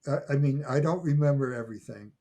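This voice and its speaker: A man in his eighties, a guest on an interview podcast, speaking haltingly and often repeating words as he restarts his sentences. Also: mid-range voice, warm tone. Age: 80s. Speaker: guest, folklore scholar. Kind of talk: conversational interview.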